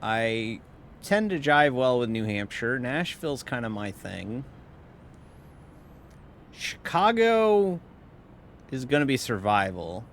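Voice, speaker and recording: A man's voice: mid-range voice, expressive, normal speed, fairly bright tone, a little hiss or hum. A tired man giving casual, rambling live-stream commentary while sim racing, wry and swearing now and then. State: tired, yawning.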